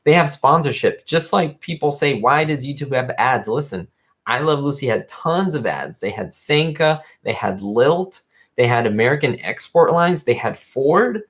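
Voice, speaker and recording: A man's voice: fairly high pitch, very animated, normal speed, a bit bright. A man hosting his own livestream, talking casually and a bit rambling, with plenty of fillers. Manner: rambling, fan-like, lots of fillers. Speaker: YouTube host.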